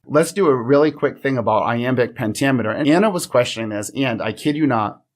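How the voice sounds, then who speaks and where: Mid-pitched male co-host, playful and chatty, slows down for a read-aloud. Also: animated. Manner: playful, reads his own poem aloud slowly. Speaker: podcast co-host. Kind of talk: casual podcast chat.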